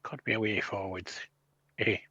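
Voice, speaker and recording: A man's voice: fairly low pitch, steady tone, moderate pace, bright, forceful tone, slightly rough, no room sound, lo-fi sound. A man playing in a tabletop game, trading puns in character over a remote call. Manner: dry, joke-telling, punning. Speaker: player.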